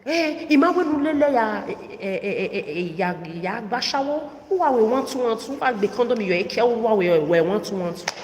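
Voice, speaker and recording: A woman voicing a pushy, scolding middle-aged mother who nags in shrill exclamations. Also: lively intonation, brisk, hardly any pauses, a little mellow, reverberant, big-room sound, natural voice. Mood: nagging.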